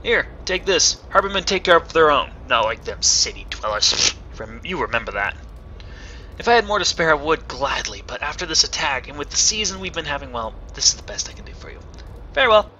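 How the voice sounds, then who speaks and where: A man voicing a proud, gruff old village fisherman in a put-on rustic accent, speaking slowly and emphatically. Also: fairly high pitch, very animated, bright, forceful tone, full character voice. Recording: slightly dull recording with faint hiss.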